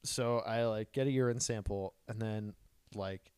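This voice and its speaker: A man's voice: lowish voice, fairly even intonation, unhurried, a little mellow, clean tone, no room sound. A young man co-hosting a podcast, telling a long, profane story with lots of quoted dialogue in casual chat. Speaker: podcast co-host. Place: New York City.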